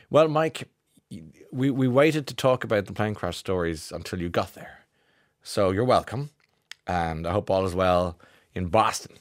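A man's voice: low-pitched, normal speed, no room sound. A man hosting a radio show, chatting wryly and reading out listener texts in a studio. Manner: chatty, wry. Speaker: radio host.

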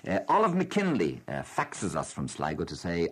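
A man's voice: deep voice, normal speed, hardly any pauses, slightly rough. A man with an Irish accent hosting a radio show, reading listeners' letters aloud and answering them wryly. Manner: wry, reads letters with lively expressive delivery. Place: radio studio.

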